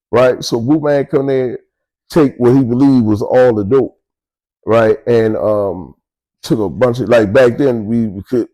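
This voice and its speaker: With a mid-range, dark-toned voice and poor audio, this older Baltimore man recounts prison stories to camera in a relaxed, streetwise, foul-mouthed style, laughing softly between moments.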